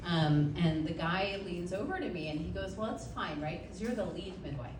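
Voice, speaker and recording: A woman's voice: on the low side, lively intonation, normal speed, background noise. A woman midwife telling funny stories to a live audience, chatty and laughing often, with lots of ums. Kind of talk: stand-up storytelling. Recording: roomy, distant mic, loud ambience.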